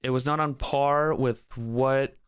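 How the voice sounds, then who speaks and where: Speaking at a medium pitch with a steady, smooth tone and a slow pace, a man streams a speedrun live, narrating his own mistakes and cursing at the game. His commentary is full of frustrated self-talk and swearing, with music playing in the background.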